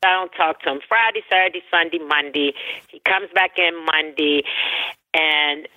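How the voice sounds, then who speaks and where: Woman guest on a phone line, animated storyteller, voices the other people in her story, tinny dry sound. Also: deep voice, normal speed, dry recording. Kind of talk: personal storytelling interview. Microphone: telephone.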